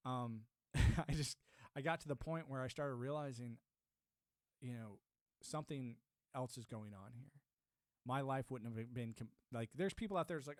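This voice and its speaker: A man's voice: medium pitch, normal speed, long pauses, no room sound, studio quality. A man from Arizona chatting casually on a livestream, rambling and talking to his viewers. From Arizona, United States. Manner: rambling, chatty, greets chat viewers by name. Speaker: livestream host.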